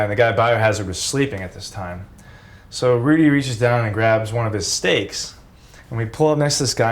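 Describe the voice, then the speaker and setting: A man in his forties tells old road-trip stories in a relaxed, unfiltered way, with plenty of swearing. His mid-range voice has a gravelly crackle to it. He sounds like a former wrestler chatting as a guest. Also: mid-range voice. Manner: laid-back, swears freely, laughs while telling stories. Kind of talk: casual road-story telling.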